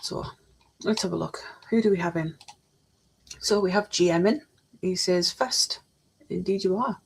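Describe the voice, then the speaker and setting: A woman's voice: lowish voice, steady tone, normal speed, creaky, a little mellow, slight background noise. A woman chatting casually on a live stream, reading out chat messages while she builds a model kit at her desk.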